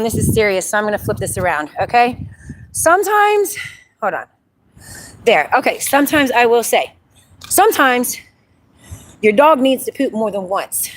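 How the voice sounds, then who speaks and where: A woman, chatting casually on a live stream from a trail while out walking, lively and laughing often. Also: fairly high pitch, low-quality recording. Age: 40s. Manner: chatty, animated, laughs often, reads viewer comments aloud. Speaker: livestream host. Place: outdoor trail on a dog walk.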